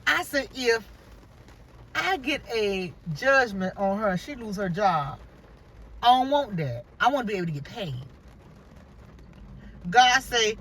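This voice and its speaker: Speaking slowly with many pauses, a woman with a slightly high voice rants animatedly in a casual vlog. She tells a story, acts out quoted dialogue and calls out to God. Her voice sounds distant from the mic, with slight hiss or hum.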